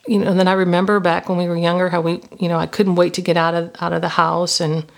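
Host, woman in her fifties, low flat gravelly voice, confessional faith storytelling. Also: fast talker. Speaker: podcast host. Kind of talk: reflective Christian teaching.

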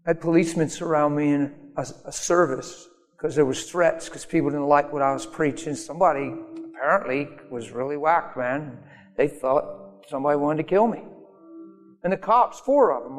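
A man preaching a sermon, telling stories in an emphatic way that rises to sudden bursts. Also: a little high. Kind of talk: sermon storytelling. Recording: long hall reverb with faint music.

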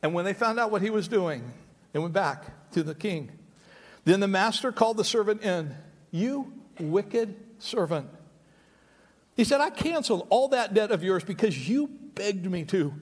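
A man preaching a sermon, reading scripture and breaking off into animated, conversational asides to the congregation. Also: high voice, moderate pace. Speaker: pastor. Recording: long hall reverb.

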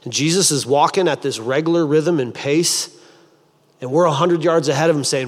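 A man gives a sermon as a pastor, in a voice a little higher than most men's. He tells his stories with energy and acts out the other people's lines. His voice rings out with a long reverb, as in a big church hall. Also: moderate pace. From United States. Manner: animated storytelling, acts out voices.

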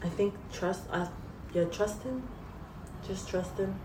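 A woman guest giving an earnest, halting faith testimony in an interview. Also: medium pitch. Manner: earnest, halting, tearful at times. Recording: roomy, distant, faint hiss.

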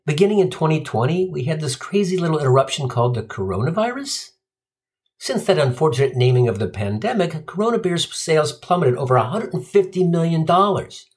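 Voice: medium pitch, very animated, fairly quick, a little mellow. A comedian telling a profane, sardonic stand-up story. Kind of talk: stand-up routine.

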